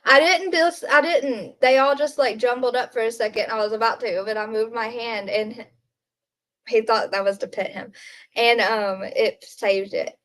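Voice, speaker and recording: A woman's voice: a little high, fairly even intonation, normal speed, fairly bright tone. A woman hosting a casual livestream from home at night, chatting and giggling with her viewers and talking to her pet. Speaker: livestream host. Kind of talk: casual live chat with viewers.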